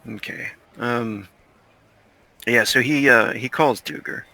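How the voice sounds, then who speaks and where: A male player in a tabletop game, talking slowly and hesitantly. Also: medium pitch, creaky, pushed and bright, no room sound. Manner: slow, hesitant. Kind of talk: tabletop role-play.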